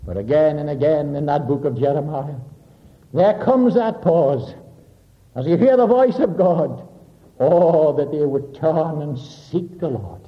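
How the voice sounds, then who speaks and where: A man preaching a sermon with dramatic delivery, sinking to a soft low voice for emphasis and explaining Greek words. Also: measured pace. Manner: expounds Greek word meanings. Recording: dull lo-fi recording.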